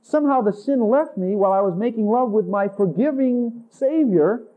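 A man's voice: animated, moderate pace, mellow. A man preaching a sermon in an intimate way, acting out conversations with Jesus. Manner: intimate, acts out dialogues with Jesus in a higher voice. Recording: tinny phone-like sound.

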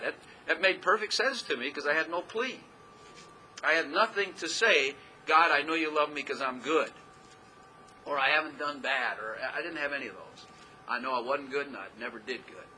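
Bright-voiced folksy male pastor. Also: mid-range voice, a little hiss or hum, poor audio. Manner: folksy, rambling, laughs at himself. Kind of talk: sermon.

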